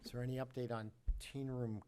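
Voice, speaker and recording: A man chairing a formal public meeting, speaking in a measured, halting way with frequent fillers. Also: medium pitch, flat delivery, noisy background.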